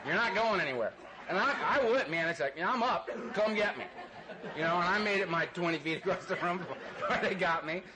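A man's voice: high voice, expressive, fast talker, noisy background. A man telling a loose, laughing, self-mocking story to an audience and acting out voices. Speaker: speaker sharing his recovery story.

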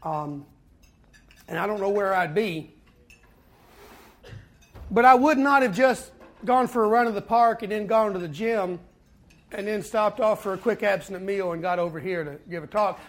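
A man giving a personal recovery talk to a fellowship meeting, telling his story earnestly with pauses and repeated words. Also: sits high. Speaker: speaker at a twelve-step fellowship meeting.

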